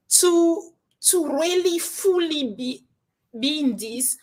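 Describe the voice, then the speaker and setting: A woman from Benin speaks as a panel guest in a personal discussion. She talks in an animated way, laughing easily and often restarting her sentences. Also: high voice, a little slow.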